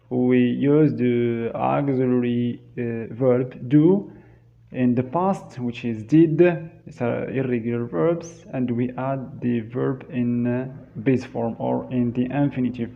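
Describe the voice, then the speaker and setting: A man teaching an English grammar lesson, repeating each verb form slowly and switching into Darija to explain. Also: mid-range voice, steady tone, creaky, mellow. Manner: drills word forms slowly, repeating each one. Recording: dull, lo-fi sound.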